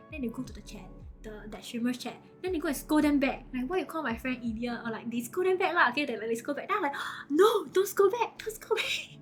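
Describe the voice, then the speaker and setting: A woman streamer, casually telling her chat a story, acting out the quoted lines with lots of laughter. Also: high-pitched. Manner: animated, acts out quoted lines, frequent laughter.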